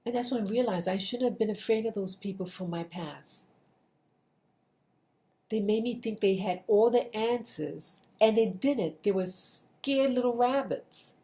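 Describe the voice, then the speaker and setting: A woman's voice: medium pitch, darkish tone. A middle-aged woman giving an earnest spoken message to camera, often restarting her sentences. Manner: earnest, repetitive, with frequent restarts. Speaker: video blogger giving a motivational message. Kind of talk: casual spoken monologue.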